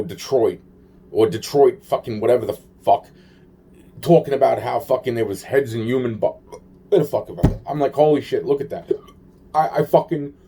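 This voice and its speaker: A man's voice: mid-range voice, dark tone, husky. A man rambling to camera in a profane, agitated monologue, repeating himself and trailing off.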